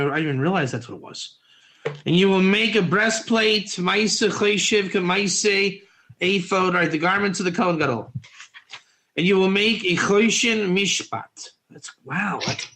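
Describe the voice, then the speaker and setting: A man teaching a Torah class, excitable and rhetorical, his voice jumping up when he gets animated. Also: high-pitched, normal speed, a little hiss or hum.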